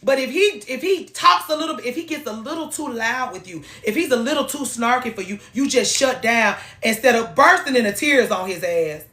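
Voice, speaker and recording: A woman giving blunt, profane, animated relationship advice on a live stream. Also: fairly high pitch, fairly quick, few pauses, roomy sound.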